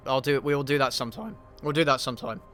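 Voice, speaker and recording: A man chats through a laid-back livestream Q&A while gaming, answering viewers bluntly and swearing freely. His voice is bright and forward, and he keeps stalling on ums and restarts. Soft music plays behind him. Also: medium pitch, racing. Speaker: YouTube channel host answering viewer questions.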